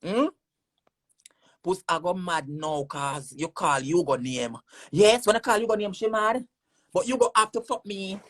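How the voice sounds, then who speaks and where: A woman's voice: on the low side, measured pace. A woman with a Jamaican accent on a livestream, heatedly cussing someone out in a repetitive, insulting rant. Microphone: phone on a screen-recorded livestream.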